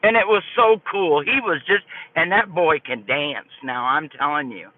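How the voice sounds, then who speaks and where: An older woman streaming live, telling a story to her chat in an animated, folksy way. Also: deep voice, normal speed. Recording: tinny phone-like dry audio.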